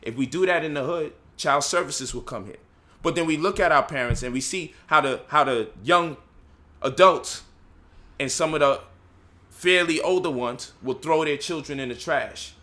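A man's voice: on the high side, pushed and bright. A man giving an impassioned lecture, firing rhetorical questions and mocking the voices he quotes. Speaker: speaker leading a discussion.

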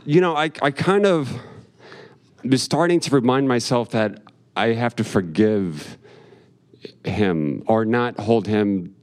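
A man's voice: medium pitch, takes it slowly, pauses often. A man telling a rambling personal story on stage, with profane, wry asides. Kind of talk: live storytelling with jokes.

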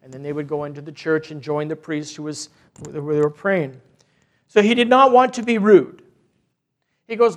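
High-voiced priest telling a story. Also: male voice. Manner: earnest storytelling, unhurried, with restarts. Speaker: parish priest. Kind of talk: sermon with a retold story.

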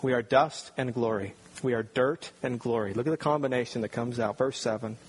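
A man's voice: mid-range voice, fairly even intonation, brisk, a little hiss or hum. A man preaching a sermon, earnest and building to emphatic points. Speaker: pastor.

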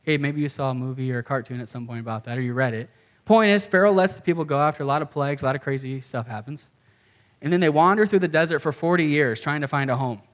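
A man's voice: a little high, fast. A man giving a sermon to a live group in a casual, conversational way, often saying "okay" and "like" as he explains. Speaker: pastor.

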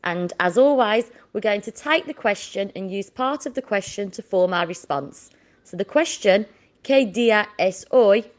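A woman leads a children's Spanish lesson at a medium pitch. She slows down and stretches out key words so young listeners can repeat after her. Her delivery stays clear and patient. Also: expressive. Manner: slow, drawn-out modelling of words for repetition. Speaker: Spanish teacher.

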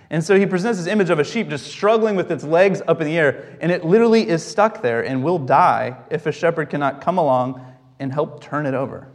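A man's voice: fairly high pitch, long reverb tail. A young adult man giving a conversational sermon as a pastor, telling stories and asking the congregation questions.

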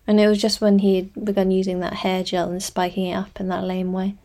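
A woman's voice: mid-range voice, monotone, moderate pace, dark tone, natural voice. A woman voicing a tired, bitter elder sister who speaks curtly. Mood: weary. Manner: tired, curt.

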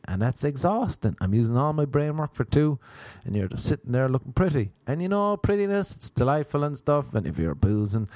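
A young man from Ireland performs rambling, sardonic stand-up comedy built on observational storytelling. His mid-range voice has a dark tone, and there's no echo.

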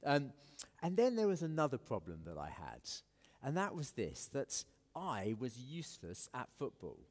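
A man's voice: mid-range voice, huge pitch swings, moderate pace. A man with an English accent preaching a sermon in a conversational, self-deprecating way, with many fillers and restarts. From South Africa. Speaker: pastor. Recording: echoey hall with long reverb.

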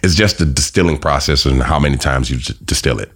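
A man's voice: a bass voice, fast talker, fairly bright tone. A man telling loose, profane stories in a casual podcast chat, laughing as he goes. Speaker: podcast guest.

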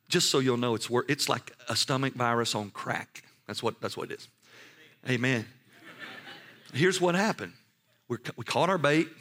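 A middle-aged man preaching a folksy, animated sermon story, rising to shouts on the punchlines. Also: mid-range voice.

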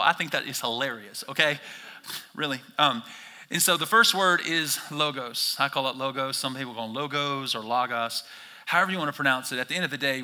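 Man, pastor, energetic sermon, bright tone, slightly high voice, quiet-to-shouting swings. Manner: swings from quiet to shouted bursts, acts out listeners' reactions. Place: church.

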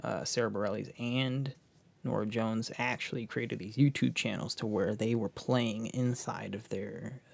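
A man's voice: fairly low pitch, fairly even intonation, measured pace, vocal fry. A man co-hosting a podcast, talking loosely with many fillers. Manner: loose, filler-heavy talk. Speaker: podcast co-host. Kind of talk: casual chat.

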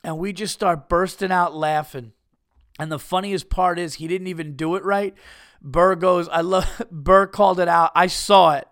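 A man's voice: high-pitched, steady tone, moderate pace, fairly bright tone. A man hosting a podcast, telling a rambling, profane story in a casual way and laughing at his own tale. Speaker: podcast host.

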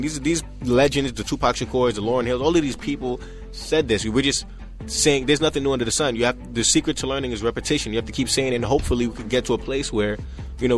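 Animated young man. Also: medium pitch. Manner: animated, acts out quoted voices, frequent "you know what I'm saying". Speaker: interview guest. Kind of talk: casual storytelling in conversation.

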